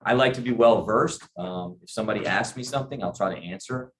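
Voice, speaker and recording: With a fairly low voice and a fairly quick delivery, a middle-aged man leads a group sales training; a slight hiss or hum sits under the recording. He's conversational throughout, regularly checking in and questioning his audience.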